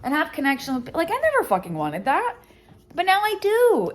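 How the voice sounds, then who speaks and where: A woman's voice: high-pitched, sing-song, moderate pace. A woman vlogger and education business founder talking candidly and emotionally about her life, swearing freely. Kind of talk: candid personal vlog talk.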